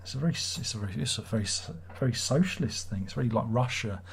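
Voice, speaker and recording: A man's voice: medium pitch, animated, quick pace, vocal fry, a little hiss or hum. A man hosting a casual livestream, rambling and swearing as he reads viewer comments aloud. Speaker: livestream host.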